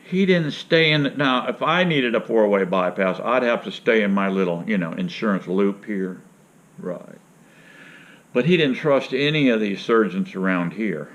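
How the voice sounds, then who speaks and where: A man's voice: fairly low pitch, animated, normal speed, a bit bright. A man from Florida telling a rambling, jokey story to his viewers in a folksy, casual way. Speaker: vlogger. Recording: dull lo-fi sound.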